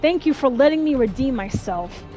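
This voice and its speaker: A young woman giving profane, jumpy let's-play commentary, yelling and cursing when scared. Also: high-pitched, expressive, moderate pace. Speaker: gaming streamer. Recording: faint game music behind.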